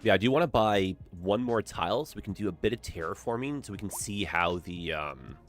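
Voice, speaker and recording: Stuffed-up male streamer, low voice, very animated, faint music behind. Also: fairly quick. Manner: relaxed thinking aloud. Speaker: game streamer. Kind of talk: casual gameplay commentary.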